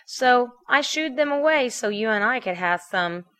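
A woman reading the part of a confident, blunt teenage girl in a fan fiction story, brisk and assured. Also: a little high, animated, a bit bright, pitched above the performer's own voice.

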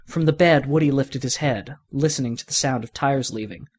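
A man's voice: mid-range voice, normal speed, a little mellow, husky. A man reading a fan-written story aloud, narrating expressively. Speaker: reader.

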